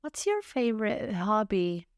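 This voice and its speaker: A woman teaching English, reading short everyday phrases one at a time with careful, deliberate enunciation and pauses between them. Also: mid-range voice, sing-song, clear, resonant tone, no echo, studio quality. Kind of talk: slow phrase-by-phrase reading for learners.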